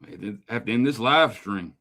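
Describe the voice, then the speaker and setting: A man hosts a call-in livestream and chats casually between callers. His voice is bright and forward, and his banter stays loose and easygoing. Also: lowish voice, lively intonation, moderate pace. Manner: loose, laid-back banter. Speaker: host taking phone calls on a livestream.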